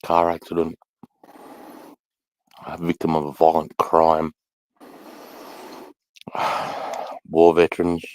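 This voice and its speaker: Super deep aussie guy just rambling, swears a lot, dry close sound. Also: monotone, slow, long pauses, no room sound, low-quality recording. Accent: Australian. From Australia. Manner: rambling, sweary, sighing between thoughts. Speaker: vlogger. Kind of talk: casual rambling monologue.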